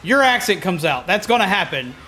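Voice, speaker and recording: A man's voice: sits high, brisk, slight background noise. A man streaming a game, chatting casually and yelping at the action. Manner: excitable, yelps at game action. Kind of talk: casual gaming stream chat.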